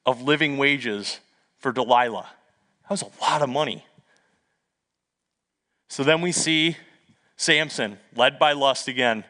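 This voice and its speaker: A middle-aged male pastor preaching a sermon, telling stories in a lively way with humorous asides. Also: medium pitch. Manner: lively storytelling with asides and self-deprecating humor.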